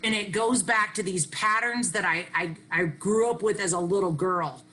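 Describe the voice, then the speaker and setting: A middle-aged woman, giving an energetic, self-mocking recovery share that she keeps punctuating with "hey" and "okay.". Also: mid-range voice, moderate pace, poor audio. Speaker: workshop speaker sharing on recovery.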